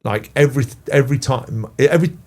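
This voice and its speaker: Middle-aged English male guest, casual and profane, mid-pitched, heats up on a rant. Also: brisk. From England. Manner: swears freely, animated when ranting. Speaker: podcast guest. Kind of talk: casual chat.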